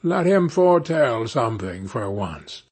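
A man voicing a gullible, excitable miller in a spoken fairy tale, with exclaiming, drawn-out reactions. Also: medium pitch, husky, exaggerated voice. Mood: amazed.

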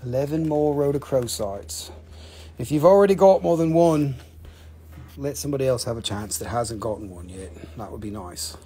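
A man's voice: mid-range voice, animated, normal speed, dark tone. A man hosting a live stream to sell crystals, talking casually, swearing freely and counting down each sale.

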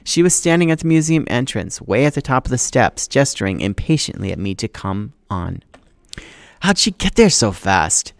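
A man's voice: mid-range voice, big pitch swings, normal speed, gravelly, no room sound. A man teacher reading a novel aloud to his class, acting out the dialogue with expression.

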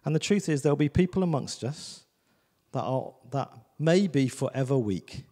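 A man gives a sermon in a church with a mellow, warm tone. He talks loosely and personally, stopping often to check in with the congregation. His pitch sits in a middle range. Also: expressive, normal speed, long reverb tail. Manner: conversational, repeats "do you know what I mean". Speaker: visiting preacher.

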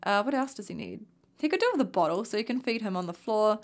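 A woman's voice: medium pitch, animated, quick pace. A young woman with a New Zealand accent, tired and yawning, chatting casually as she plays a life-sim game and talks to her characters. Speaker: gaming youtuber. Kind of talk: casual gameplay commentary.

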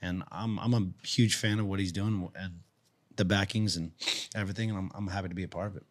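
A man's voice: low voice, brisk. A man hosting a podcast, talking in long rambling runs with frequent restarts. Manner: rambling, restarts often, animated storytelling. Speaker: podcast host. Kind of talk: casual podcast chat.

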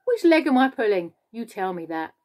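A woman's voice: mid-range voice, very animated, normal speed, lightly acted. A woman voicing a boastful, cheeky male giant centipede in a children's storybook reading. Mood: gleeful. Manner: loud, gleeful, boasting.

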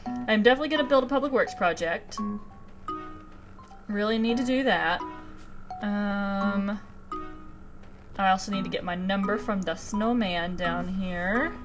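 A young woman in her twenties talking through a cozy video game, excitable and quick to giggle. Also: medium pitch, music in the background. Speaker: gaming channel host. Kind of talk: let's play commentary.

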